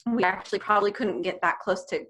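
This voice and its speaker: A woman's voice: medium pitch, quick pace, fairly bright tone, breathy edge. A young adult woman, a music therapist, chatting animatedly on a video call and laughing often as she talks. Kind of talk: casual interview chat.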